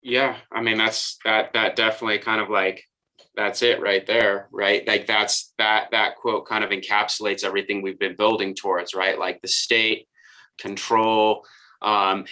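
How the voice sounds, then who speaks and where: Male co-host, bright and flat in tone, loose casual delivery. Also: lowish voice, moderate pace. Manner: casual, heavy use of "like" and "kind of". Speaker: podcast host. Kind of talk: podcast discussion.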